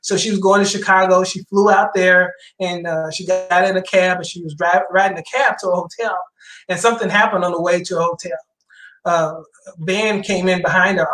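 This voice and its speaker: A middle-aged man, an elder of his church, delivers a sermon woven with his personal testimony, driving points home through repetition. His voice sits high with a sharp edge, and the sanctuary gives the recording a roomy echo.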